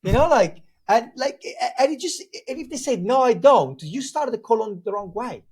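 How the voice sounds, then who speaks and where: Italian-accented male guest, upbeat and candid, a bit husky in tone. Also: very high voice, normal speed. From Italy. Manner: energetic, frank, lots of restarts. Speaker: sales trainer guest. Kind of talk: casual podcast chat.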